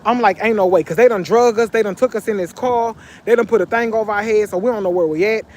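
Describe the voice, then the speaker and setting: A man vlogging, telling a story in casual, animated slang with lots of repetition, sitting on a bench. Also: sits high, fast talker, a little hiss or hum.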